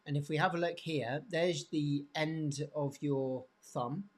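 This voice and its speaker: A man teaching hand anatomy off the cuff, pointing to bones, with many restarts and frequent throat clearing. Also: on the high side, steady tone. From England. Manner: halting, repeats words, frequent throat clearing. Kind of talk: unscripted teaching demonstration.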